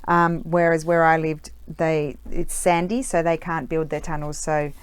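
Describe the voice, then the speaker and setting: A woman's voice: low-pitched, little pitch movement, unhurried, clean tone, no echo. A middle-aged Australian woman talking casually while she crafts, rambling through stories with lots of fillers and restarts. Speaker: craft vlogger.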